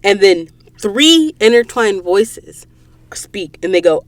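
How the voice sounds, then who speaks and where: A woman's voice: medium pitch, takes it slowly, dry recording. A sniffly woman recaps a book for her podcast, acting out the characters' lines as she goes. Her voice sits in the middle range. The sound is dry and close, with no room around it. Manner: animated storyteller, acts out quoted lines. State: sniffly from allergies. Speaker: podcast host. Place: recording booth.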